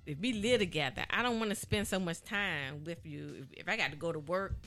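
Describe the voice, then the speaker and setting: Woman radio host, casual and animated, repeats herself, faint music behind. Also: on the low side, brisk, gravelly.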